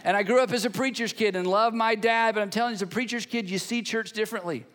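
A man's voice: high-pitched, fast talker, a bit bright. A middle-aged man preaching a sermon as a pastor, telling stories in a conversational way and repeating phrases for emphasis. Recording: long hall reverb.

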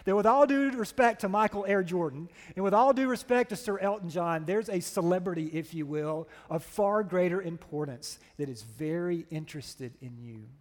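A pastor preaching a sermon, telling stories with animated energy and checking in with "right?". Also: male voice, high voice, in a large hall. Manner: animated storytelling, keeps asking "right?".

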